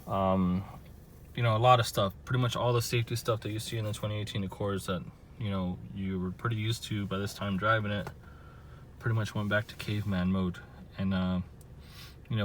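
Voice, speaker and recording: A Southern California man films a casual vlog outdoors beside his car, explaining its troubles in a rambling way packed with fillers and restarts. His voice is lowish, steady in tone, and brisk. A little hiss or hum runs under the recording.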